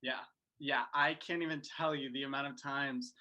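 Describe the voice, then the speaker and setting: A man in his twenties from Massachusetts, chatting casually as a guest on a video-call interview, quick with jokes. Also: mid-range voice, steady tone, sharp tone, lo-fi sound. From Massachusetts, USA. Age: 20s. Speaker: singer and guest.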